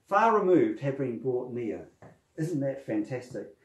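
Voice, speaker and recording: A man preaching a sermon, rising to stress key phrases and dropping quietly at the ends of lines. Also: mid-range voice, very animated, measured pace, roomy sound, low-quality recording.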